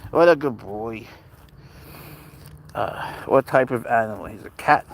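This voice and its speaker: A man hosting a live stream outdoors at night on a phone, rambling and joking with viewers while talking softly to his cat. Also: mid-range voice, a little slow, creaky, a little hiss or hum. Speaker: livestream host. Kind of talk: casual live-stream chat.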